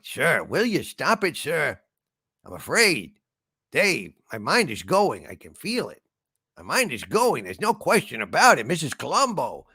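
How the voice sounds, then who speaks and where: A man voicing a male spaceship computer as a meandering, polite detective, gravelly and husky, tacking "sir" onto his lines. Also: medium pitch, bright, forceful tone, dry recording, clean studio sound, full character voice. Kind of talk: comedy impression sketch.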